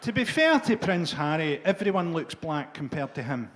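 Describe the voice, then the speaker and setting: A middle-aged man doing a dark, sardonic stand-up set, swearing freely. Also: on the high side, sing-song, moderate pace, noisy background. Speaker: stand-up comedian.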